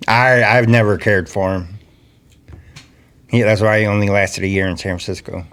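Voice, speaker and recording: A man's voice: on the low side, fairly even intonation, normal speed, fairly bright tone. A man co-hosting a casual sports podcast who answers in short, terse replies. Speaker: podcast co-host.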